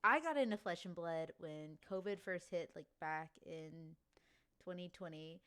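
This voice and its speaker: A woman's voice: lowish voice, fairly bright tone, clean tone. Chatty Louisiana woman co-hosting. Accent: slight Cajun. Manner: chatty, lots of "like" and quick laughs. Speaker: podcast co-host. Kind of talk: casual chat.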